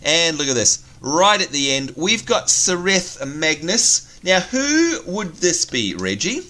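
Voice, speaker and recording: An Australian man co-hosts a game video, chatting enthusiastically in casual gameplay talk and exclaiming as guests arrive. His fairly high voice is very animated, pushed and bright, yet slow.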